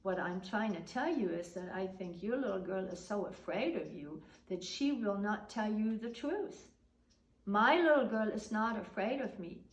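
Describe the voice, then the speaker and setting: Calm, firm mother, quoted by an older woman; quiet and steady in a roomy space. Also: mid-range voice, moderate pace, recorded from a distance, close to an everyday voice. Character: calm firm mother defending her daughter.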